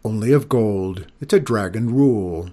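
A man voicing a bored, impatient male dragon who sticks to the rules, speaking loud and gruff. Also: on the low side, animated, moderate pace.

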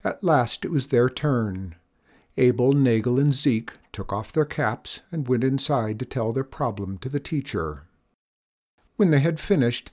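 Man reading a storybook aloud. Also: medium pitch. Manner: measured, expressive reading. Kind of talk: scripted storybook narration.

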